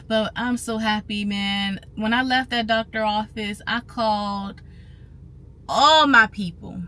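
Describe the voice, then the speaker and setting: A woman talks casually to her viewers in a vlog. Her voice is slightly high and bright, with a forceful edge. She is animated and chatty and repeats phrases for emphasis. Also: takes it slowly. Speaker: vlogger on trading and finance. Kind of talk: casual talk to camera.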